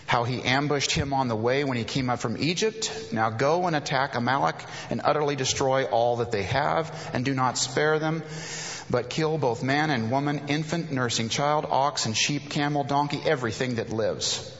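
A man's voice: mid-range voice, moderate pace, a bit bright. A man preaching a sermon, reading scripture aloud and breaking off to explain and paraphrase it. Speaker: pastor. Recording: reverberant hall, dull lo-fi sound.

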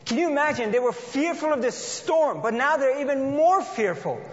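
High-voiced man preaching in an echoing hall. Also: lively intonation, normal speed. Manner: earnest, repeats and restarts phrases. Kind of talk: sermon with scripture reading. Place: church. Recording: dull lo-fi audio in a reverberant hall.

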